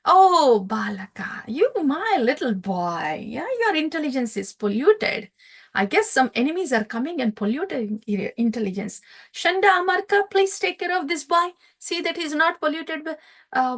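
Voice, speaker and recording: A woman's voice: high voice, animated, moderate pace. A woman voicing a proud demon king who mocks and chides his young son. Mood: mocking. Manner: patronizing, chiding.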